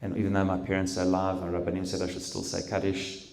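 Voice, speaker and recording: A middle-aged man giving an emotional personal testimony at a talk, speaking haltingly with pauses and restarts. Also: sits low, monotone, vocal fry, a little mellow. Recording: roomy hall echo.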